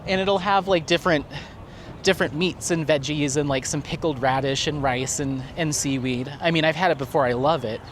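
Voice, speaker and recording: A man vlogging while walking outdoors, retelling a story in a chatty, animated way with laughs. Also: fairly high pitch, brisk. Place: outdoors on a city street. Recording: faint traffic and street noise.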